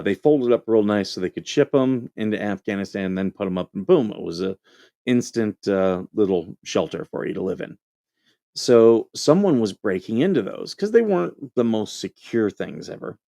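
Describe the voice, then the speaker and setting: A man who served as a Marine, hosting a casual call-in show and telling a story in a relaxed, rambling way with lots of fillers. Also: fairly low pitch, gravelly, no room sound, studio quality. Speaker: show host, Marine veteran.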